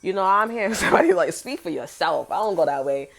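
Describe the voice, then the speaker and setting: A young woman with a low-pitched voice rants casually to her viewers during a tarot reading. She swears freely and talks with heavy emphasis, breaking into frequent laughter as she rambles from one point to the next. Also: lively intonation, fast, vocal fry, a bit bright. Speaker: tarot reader.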